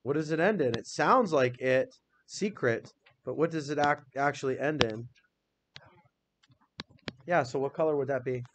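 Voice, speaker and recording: A man's voice: mid-range voice, moderate pace, pauses often, a little hiss or hum. A male teacher leading a classroom phonics lesson, patiently spelling words out letter by letter and quizzing students by name.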